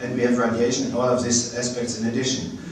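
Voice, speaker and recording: Halting man lecturing in an echoey hall. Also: medium pitch, little pitch movement, slight background noise. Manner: halting, many filler hesitations. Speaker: guest lecturer. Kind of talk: public talk with slides. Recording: very echoey hall, distant mic.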